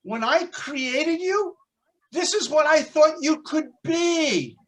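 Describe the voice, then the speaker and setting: A man's voice: extremely high pitch, sing-song, a little slow, a bit bright, a little hiss or hum, full character voice. A man voicing God, eager and questioning. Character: God, an excited, kindly, booming male deity. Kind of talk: storytelling in a religious class.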